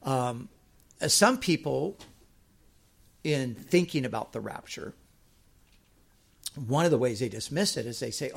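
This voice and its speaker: A middle-aged man preaching a sermon, reading scripture slowly and emphatically, then explaining it in a chatty way. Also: medium pitch, animated, gravelly, breathy edge.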